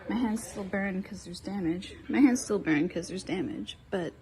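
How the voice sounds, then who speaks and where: A woman's voice: mid-range voice, normal speed, darkish tone, a little hiss or hum. A woman talking in casual chat, urgent and repetitive, with many fillers.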